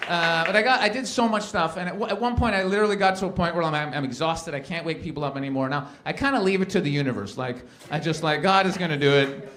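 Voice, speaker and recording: A man's voice: a little high, fast, hardly any pauses, a little hiss or hum. A man doing a stand-up comedy set at a live event, telling stories and acting out the people in them. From Canada. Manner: animated storytelling, acts out quoted characters.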